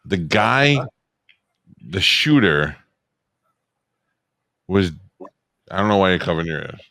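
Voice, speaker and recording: A man's voice: deep voice, very animated, slow pace, creaky, bright, forceful tone, dry recording, studio quality. A man co-hosting a podcast in casual chat, blunt and sardonic, swearing freely. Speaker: podcast co-host.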